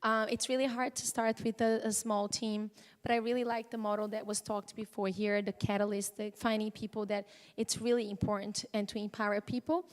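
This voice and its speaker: A woman giving a live conference talk, speaking conversationally with halting restarts. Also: medium pitch, flat delivery. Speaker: presenter. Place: conference hall. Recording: long hall reverb.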